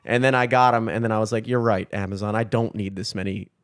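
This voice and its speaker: Young male podcast co-host, low voice, loose and profane, close dry mic. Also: fairly even intonation, fast, no room sound. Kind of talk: casual chat.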